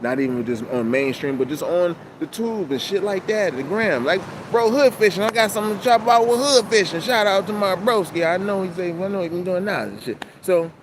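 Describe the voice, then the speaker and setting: A man talking to camera in a casual, rambling monologue, animated and full of profane street slang, outdoors. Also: high voice, brisk, hardly any pauses. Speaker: channel host. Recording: loud outdoor traffic noise.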